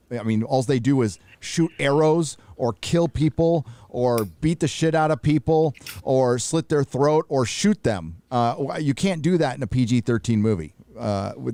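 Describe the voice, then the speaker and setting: A man's voice: medium pitch, darkish tone, dry recording. A man co-hosting a casual panel chat, talking bluntly and profanely, rambling with fillers. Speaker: co-host.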